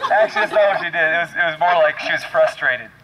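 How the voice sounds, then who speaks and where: A man telling a long joke in an animated, chuckling way, often restarting his sentences. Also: a little high, fast. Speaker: joke teller. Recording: loud background noise.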